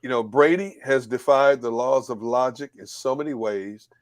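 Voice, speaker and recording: A man on a casual sports talk panel, talking in a measured way and often repeating words as he starts a sentence. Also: mid-range voice, no room sound, studio quality.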